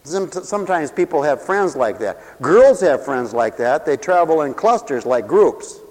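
A man's voice: fairly high pitch, sing-song, a little slow, a little mellow. A man preaching a humorous sermon in a theatrical way, laughing at his own jokes, in a hall with long reverb.

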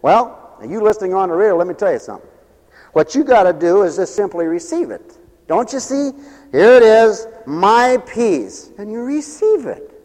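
A man's voice: sits high, expressive, normal speed, darkish tone, in a large hall, rough recording. A man preaching a radio sermon in an emphatic, folksy manner, acting out voices as he goes.

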